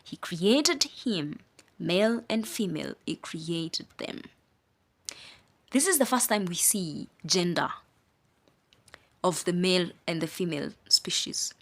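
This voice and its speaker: This woman's fairly low voice is animated but slow, with frequent pauses, as she teaches scripture aloud. She leans on individual words, repeats phrases, and slips casual remarks in among the preaching.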